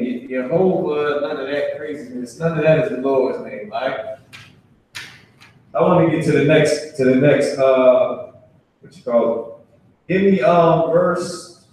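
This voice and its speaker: A man's voice: fairly high pitch, unhurried, pauses often, a little mellow, a little hiss or hum. A man teaching a Hebrew class at a board, casual and repetitive, drawing out key words. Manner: casual, repeats and restarts, drawls key words. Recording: very echoey room, mic far off.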